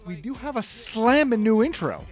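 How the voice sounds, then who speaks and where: A man's voice: very high-pitched, very animated, normal speed, husky, soft background music. A man co-hosting a casual podcast, bantering wryly and laughing. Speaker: podcast co-host. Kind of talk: casual chat.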